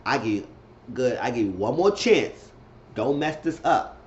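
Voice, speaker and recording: A man's voice: medium pitch, sing-song, measured pace, highs cut off, a little hiss or hum. Chatty man recapping a reality show. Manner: chatty, repeats himself, acts out quotes in shifting voices. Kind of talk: casual recap commentary.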